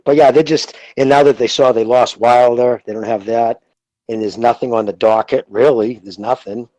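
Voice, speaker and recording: A man's voice: medium pitch, fairly even intonation, normal speed, warm tone, no echo, poor audio. A man with a Boston accent calling in to a podcast, talking bluntly and with profanity in casual chat. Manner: blunt, profane, gossipy insider talk. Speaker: caller.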